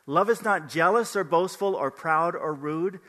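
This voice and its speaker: Older male pastor, chatty and animated, bright high voice in a reverberant hall. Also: a little slow. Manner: animated, conversational, asks the audience questions. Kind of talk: sermon.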